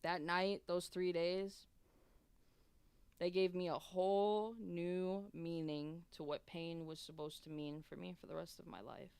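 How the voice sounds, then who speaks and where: A woman's voice: lowish voice, fairly even intonation, measured pace, creaky, a little mellow, clear, resonant tone, no echo. A young adult woman streamer telling a long personal story in casual, profane, rambling chat with many restarts.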